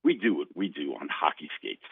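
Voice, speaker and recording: A man's voice: a bass voice, a little fast, vocal fry, slightly rough, no echo. An older man, a guest on a sports radio show, telling a long story with lots of restarts, heard over a phone line. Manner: animated storyteller with frequent restarts. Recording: dry phone-line sound.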